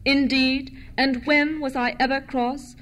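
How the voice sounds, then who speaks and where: A haughty, brisk governess who snaps her commands and won't stand for any nonsense, as a woman reading a storybook puts her on. Her voice sits fairly high and crisp, and every line comes across as an order. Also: level tone, a bit bright. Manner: snappish, commanding.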